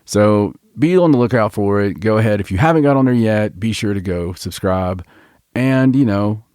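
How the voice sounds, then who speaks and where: Male podcast co-host, low voice, dry close sound, rambling casual banter. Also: animated, moderate pace, darkish tone, clean tone, no echo. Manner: rambling, joking, trails off and restarts. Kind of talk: casual chat.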